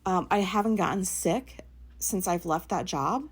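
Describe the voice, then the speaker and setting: A woman's voice: on the low side, a little slow, slightly rough. Blunt, swearing woman telling a story. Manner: blunt and profane, many fillers. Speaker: podcast host. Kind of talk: casual personal storytelling.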